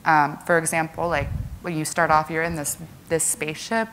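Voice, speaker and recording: A woman's voice: low-pitched, little pitch movement, moderate pace, a bit bright, a little hiss or hum. A young woman giving a casual conference presentation to a live audience, chatty and full of "like" and "um". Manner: chatty, lots of "like" and "um" fillers.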